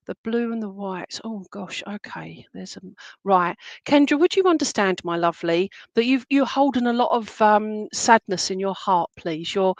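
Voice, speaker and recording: A woman's voice: mid-range voice, dry recording. A woman giving psychic readings on a live stream, chatty and reassuring, full of fillers and pet names like "my lovely". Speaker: psychic medium. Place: room with a table of crystal animals.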